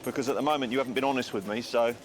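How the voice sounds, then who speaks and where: A man's voice: medium pitch, steady tone, very fast, soft background music. A man working as a customs officer, questioning a traveller in a firm, stern way. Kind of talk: documentary interrogation.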